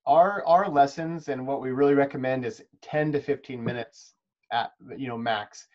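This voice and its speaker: Over a video call, a male webinar presenter walks preschool teachers through teaching chess, keeping his explanations friendly, encouraging, and practical. He speaks at a moderate pace with a medium pitch, and the video call microphone cuts off the highs.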